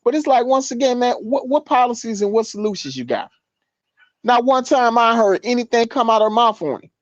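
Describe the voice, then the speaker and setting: A man's voice: very high voice, animated, fairly quick, no echo, highs cut off. A man in a casual podcast chat, talking earnestly and rambling with restarts.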